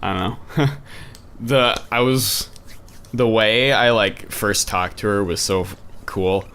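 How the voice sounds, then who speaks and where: A man's voice: on the low side, slow, a bit bright, clean tone. A young man co-hosting a let's play over a voice call, telling rambling stories about college and laughing often. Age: young adult. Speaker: co-host and student. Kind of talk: casual gameplay chat. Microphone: voice chat call.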